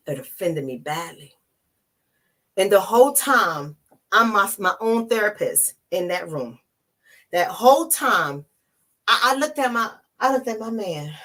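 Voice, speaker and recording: A woman's voice: fairly high pitch, a bit bright. A woman from the Bronx, a relationship coach, talking emphatically to her viewers in an emotional vlog. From the Bronx, New York. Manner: emphatic, talks straight to viewers as y'all.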